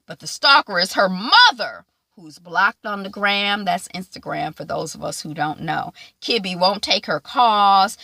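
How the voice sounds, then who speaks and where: A woman casually recapping a TV episode, acting out the characters' lines in quick asides. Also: mid-range voice, no room sound. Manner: animated, acts out quoted lines in quick asides. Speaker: TV show reviewer.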